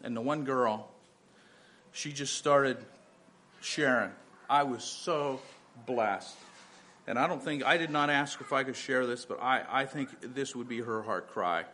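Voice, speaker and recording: A man's voice: mid-range voice, a little slow, pushed and bright, slight background noise. A man in his fifties, a pastor giving a sermon, moving from earnest personal storytelling to emphatic preaching with many restarts.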